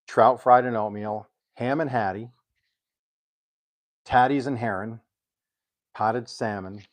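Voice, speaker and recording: An older man casually chatting on a cooking live stream, rambling and pausing with ums as he reads aloud. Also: mid-range voice. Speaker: home cook hosting a live stream.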